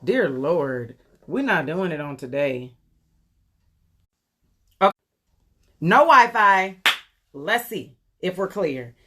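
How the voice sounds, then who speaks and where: Chatty woman in her forties, lower voice. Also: very animated, slow pace, long pauses, bright, forceful tone, slight background noise. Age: 40s. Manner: chatty and rambling, talks to viewers, many ums. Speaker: beauty vlogger doing a live makeup tutorial. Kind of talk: casual live-stream chat. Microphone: phone camera.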